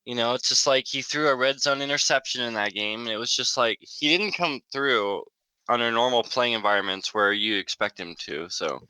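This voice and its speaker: A man co-hosting a casual sports podcast who gives opinionated takes padded with "like". His voice is mid-pitched, very bright and crisp. It is recorded dry and close to the mic. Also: moderate pace, no room sound, rough recording. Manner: opinionated, filler-heavy with frequent "like". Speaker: podcast co-host.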